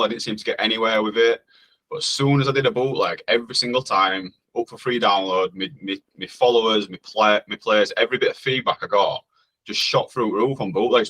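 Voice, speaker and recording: A man's voice: medium pitch, sharp tone, poor audio. A man with a Northern Yorkshire accent, a music producer guest talking modestly in broad dialect. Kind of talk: casual interview chat.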